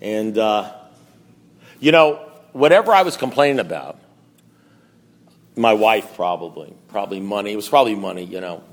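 A man's voice: on the low side, lively intonation, a little fast. A middle-aged man telling a self-mocking story at a support meeting, rambling with restarts and asides to the audience. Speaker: recovery meeting speaker.

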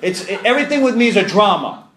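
A man speaking to a meeting, his voice on the higher side and bouncing around an echoey room. He tells his story with self-mocking humor and slips into other people's voices as he goes. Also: very animated, fast, a bit bright. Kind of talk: personal storytelling to a live audience.

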